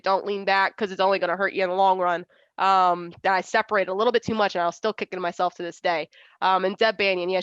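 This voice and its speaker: A woman's voice: medium pitch, fairly bright tone, clean tone, no room sound, dull audio. A young woman in her twenties, an arm wrestler, chatting casually in an interview, laughing often and acting out quoted voices.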